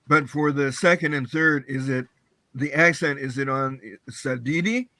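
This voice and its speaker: A man's voice: mid-range voice, bright, forceful tone, dry recording, rough recording. A man asking careful, hesitant questions as a student in a language class, with many fillers.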